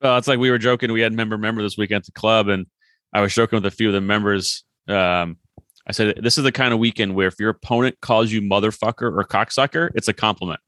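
A man's voice: lowish voice, fairly even intonation, quick pace, fairly bright tone, no room sound, studio quality. A man in casual chat, joking and steering the conversation.

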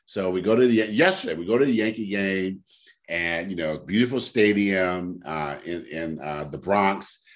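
A man co-hosting a casual podcast, telling stories in an animated way and breaking into loud laughter. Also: sits low, moderate pace. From Sacramento area. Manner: animated storyteller, bursts into shouting laughter. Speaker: podcast co-host. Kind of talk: casual storytelling chat.

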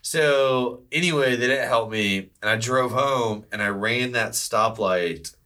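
A man in casual conversation, telling a story in an animated way and putting on the voices of people in it. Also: mid-range voice, measured pace. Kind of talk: casual chat.

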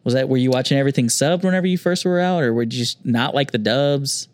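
A man's voice: medium pitch, fast talker, dry recording. A man hosting a casual chat, laid-back, joking and swearing freely.

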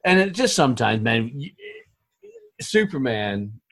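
A man's voice: medium pitch, big pitch swings, unhurried, a bit bright, dry recording. A man hosting a podcast in casual chat, laid-back and loose, swearing now and then and calling his guest "dude.". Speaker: podcast host.

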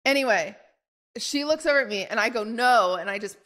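A young woman co-hosting a podcast, telling a story in a rambling, animated way full of "like". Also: on the high side, fast talker. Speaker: podcast co-host. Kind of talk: casual chat storytelling.

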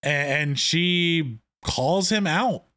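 A man's voice: on the high side, drawn-out words, bright, forceful tone, no room sound, studio quality. A man co-hosting a casual chat about a TV episode, retelling scenes with enthusiasm and lots of fillers. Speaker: podcast co-host.

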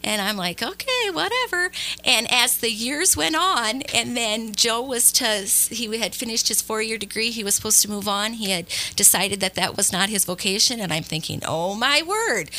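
Bright woman telling a family story. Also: medium pitch, low-quality recording. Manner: laughing, chatty storyteller. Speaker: guest, mother. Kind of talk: casual chat.

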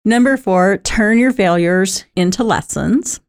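A woman's voice: mid-range voice, a little slow, clean tone. A middle-aged woman telling personal stories in a chatty, rambling way, often breaking into laughter. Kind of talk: personal storytelling talk.

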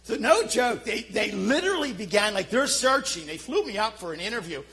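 A middle-aged man with a Philadelphia accent preaching a sermon, telling self-deprecating stories in an animated way. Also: high-pitched, fairly quick, poor audio. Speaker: pastor.

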